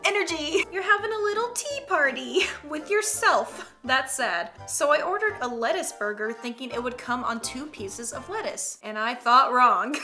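A woman's voice: high voice, sharp tone. A woman hosting a casual reaction video, laughing often between lines and reacting with exaggerated disgust. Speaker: YouTube host.

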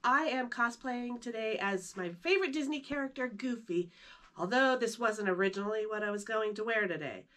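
A woman's voice: on the high side, moderate pace, fairly bright tone. A woman vlogger talking casually to camera in an upbeat, chatty way while losing her voice. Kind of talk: casual vlog talk to camera.

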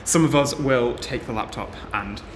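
A man's voice: medium pitch, moderate pace, big-room sound, slight background noise. A man hosting a live stream, explaining what comes next in an organizing way. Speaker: host.

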